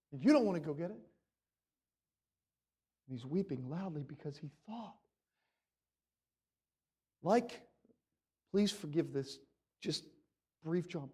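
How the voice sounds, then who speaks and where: A middle-aged man preaching a sermon, swinging from loud exclamations to low, hushed passages. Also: husky. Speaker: pastor.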